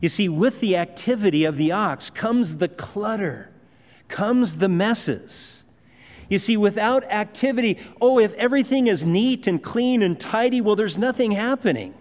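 A pastor preaching a sermon in a conversational, emphatic way, with asides to the congregation. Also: male voice, sits high, animated, a little slow. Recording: long hall reverb.

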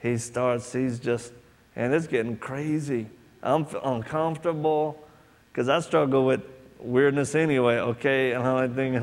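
This preacher has a medium-pitched voice, fairly even intonation, and a somewhat slow delivery. His sermon recounts a personal story in which he acts out others' voices, recorded in an echoey hall with a long reverb tail.

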